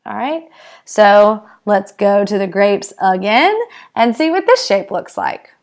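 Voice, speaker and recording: A woman chemistry teacher sums up each problem briskly and in plain words. Her voice is smooth and resonant. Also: medium pitch, animated. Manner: brisk, summarizing, plainly spoken. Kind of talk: explaining with drawings.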